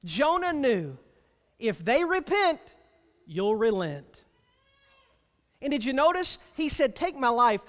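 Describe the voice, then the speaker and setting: A man with a very high, highly animated voice delivers a sermon as a pastor. He is emphatic and drags out key phrases slowly for weight. His words ring out with a long reverb from a church sanctuary.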